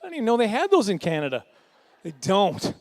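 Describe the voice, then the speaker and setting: A middle-aged man doing a stand-up comedy set at a fundraising dinner, rambling and self-deprecating, with quick asides and chuckles. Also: sits high, huge pitch swings, darkish tone.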